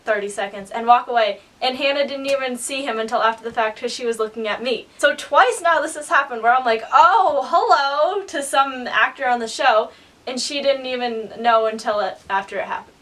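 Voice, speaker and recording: A young woman vlogger telling an excitable storytime, acting out quotes in high squeals. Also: far from the mic. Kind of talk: storytime vlog.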